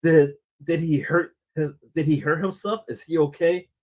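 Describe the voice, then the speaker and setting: A man's voice: a little high, fairly even intonation, normal speed, a little mellow, voice pushed up, close to an everyday voice. A man voicing an aging male butler who scolds his employer, reading the lines aloud with raised concern. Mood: worried.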